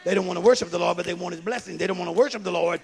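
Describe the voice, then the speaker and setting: High, gravelly man preaching a fervent sermon. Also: racing. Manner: fervent preaching, swings from shouts to low asides. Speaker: pastor.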